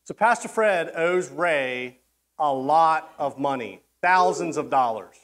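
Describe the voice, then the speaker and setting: A man's voice: a little high, expressive, slow, a bit bright. A man preaching a sermon in a casual, conversational way, acting out quoted voices and often restarting his sentences. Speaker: pastor.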